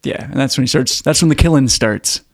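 Laid-back guy co-hosting a podcast, gravelly voice, dry close mic. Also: medium pitch, a little fast, no room sound. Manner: laid-back, swears casually. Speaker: podcast co-host. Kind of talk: casual film chat.

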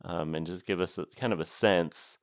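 A man's voice: deep voice, moderate pace, dry recording. A man co-hosting a podcast, chatting casually about a film with dry, teasing humor. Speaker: podcast co-host.

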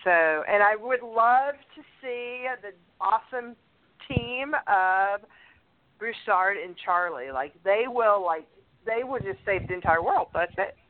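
A woman's voice: medium pitch, lively intonation, slow. A woman co-hosting a podcast, chatting playfully about a TV episode. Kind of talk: casual TV recap chat. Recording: phone-like narrow audio.

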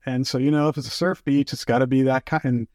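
A fly fishing guest tells fishing stories in a casual chat, acting out quotes and using lots of fillers. His mid-range, darkish voice moves fast with fairly even intonation, recorded cleanly in a studio with no room sound.

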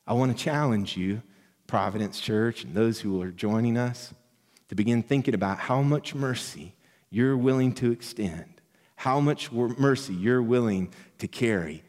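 A man preaching a sermon as pastor, earnest and emphatic, rising on quoted lines and dropping soft and low. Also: moderate pace, long reverb tail. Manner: earnest, builds to emphatic quoted lines, drops to near whisper.

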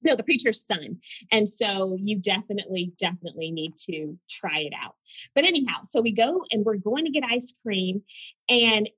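A woman from Oklahoma, a mother of school-age sons, telling personal stories in an animated, expressive way as a guest in a conversation. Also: mid-range voice, moderate pace, slightly rough, dry recording, low-quality recording. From Tulsa, Oklahoma, US. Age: adult mother of school-age sons. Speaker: podcast guest.

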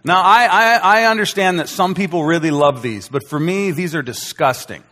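A man preaching a sermon as a pastor, telling the story in an animated way and acting out how the crowd reacts. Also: high-pitched, moderate pace. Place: church hall. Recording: long hall reverb.

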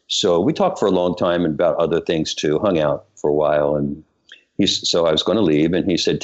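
A man, a choreographer and director, telling lively stories in an interview and acting out the people in them. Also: low-pitched, fairly quick. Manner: animated anecdote-telling, voices the people in his story. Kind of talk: storytelling interview. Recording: muffled lo-fi sound.

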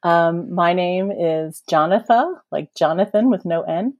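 A woman guest author talking casually on a podcast, effusive and gushing, slowing down to savor her points. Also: lowish voice, dull audio. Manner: effusive, gushing, slows for emphasis.

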